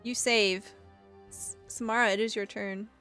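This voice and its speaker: A woman's voice: medium pitch, fairly even intonation, unhurried, bright, forceful tone, clean tone, soft background music. A woman running a tabletop game as game master, reading spell and ability text aloud between casual table talk.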